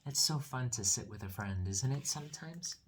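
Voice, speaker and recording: A man, a teacher, reading a picture book aloud to children in a gentle, coaxing way with soft whispered asides. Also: mid-range voice, expressive, normal speed, husky.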